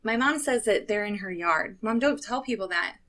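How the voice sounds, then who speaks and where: A woman's voice: mid-range voice, expressive, moderate pace, fairly bright tone. A woman co-hosting a podcast with an ordinary, mid-range voice. She keeps the chat loose and easygoing and speaks straight to the viewers watching live. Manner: laid-back, chatty, talks to live viewers. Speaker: podcast co-host. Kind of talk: casual chat.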